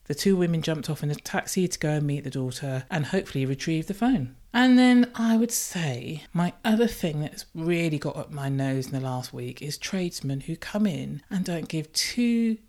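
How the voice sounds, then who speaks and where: A middle-aged woman, telling lively personal stories in a casual monologue and swearing now and then. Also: deep voice, moderate pace, few pauses.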